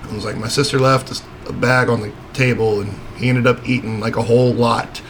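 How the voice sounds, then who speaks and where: A man's voice: medium pitch, flat delivery, fairly quick, fairly bright tone, slight background noise. A man co-hosting a casual talk show, telling a story in a laid-back way, swearing and laughing often. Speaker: podcast co-host.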